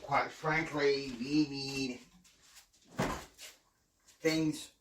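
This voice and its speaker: A man's voice: medium pitch, level tone, drawn-out words, noisy background. A man casually narrating a homemade family story, rambling with many fillers and laughs.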